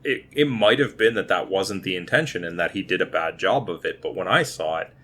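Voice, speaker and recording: A man's voice: sits low, expressive, a little fast, a bit bright, slight background noise. A man in his thirties co-hosting a podcast, chatting casually and restarting his words as he thinks. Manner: talkative, repeats words while thinking. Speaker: podcast co-host. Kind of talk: casual movie review chat.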